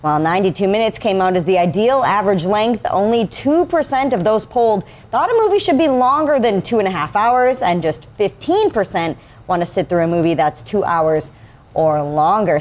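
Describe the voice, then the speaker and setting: A woman's voice: mid-range voice, a little mellow. Woman, Minnesotan accent, TV anchor, casual and chatty. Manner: chatty, laughs easily. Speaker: news anchor. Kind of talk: casual studio chat and news reading.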